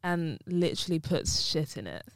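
A woman's voice: low-pitched, sing-song, moderate pace, vocal fry, no echo, clean studio sound. A young woman, co-hosting a podcast in casual chat, upbeat and emphatic, leaning on fillers. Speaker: podcast co-host.

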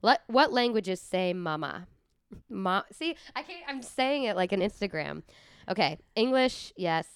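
A woman's voice: medium pitch, very animated, measured pace, smooth, no room sound. A woman co-hosting a podcast in casual chat, dry and sarcastic, often laughing. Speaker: podcast co-host. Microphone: studio microphone.

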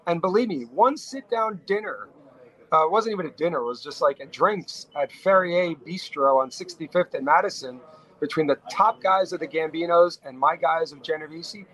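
A middle-aged man from New York spins stories as a podcast guest. His voice sits a little high for a man, and he talks in animated bursts, often restarting his sentences. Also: normal speed, poor audio. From New York, USA. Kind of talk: casual storytelling interview.

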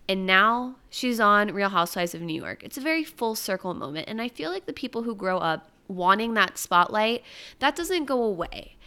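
A woman's voice: medium pitch, pushed and bright, clean tone. A young woman hosting a casual solo podcast, chatting breezily through news articles with jokey asides. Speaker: podcast host.

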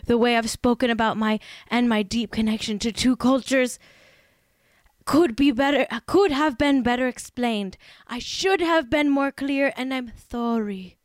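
A woman's voice: a little high, unhurried, no room sound, clean studio sound, close to an everyday voice. A woman putting on an exaggerated lisping Spanish-style accent, reading an apology statement in a mock-earnest way.

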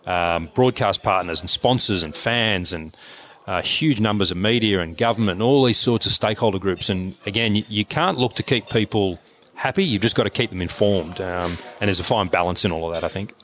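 Measured low-voiced man. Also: fairly bright tone. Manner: measured and reflective. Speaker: co-host, former cricketer. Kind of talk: casual chat.

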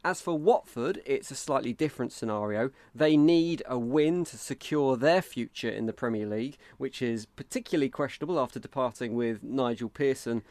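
A man's voice: mid-range voice, normal speed, hardly any pauses, a little mellow, dry recording. Chatty English man hosting a podcast. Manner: chatty, reads listener reviews aloud. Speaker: podcast host. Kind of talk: casual football podcast chat.

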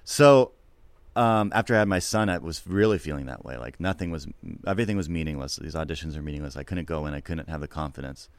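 A middle-aged man, a comedian, talking candidly and reflectively in an interview, swearing freely and getting animated at times. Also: extremely low pitch, quick pace, dry recording. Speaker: podcast guest, comedian.

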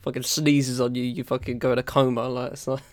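A man's voice: mid-range voice, little pitch movement, brisk, dry recording. A man co-hosting a podcast in a loose, rambling chat, full of fillers and swearing. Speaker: podcast co-host. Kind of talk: casual chat.

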